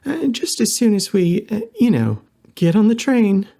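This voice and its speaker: A man voicing a snappish canine woman, high and strained. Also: sing-song, unhurried, vocal fry, warm tone, full character voice. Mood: flustered. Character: fierce young female canine biped, British.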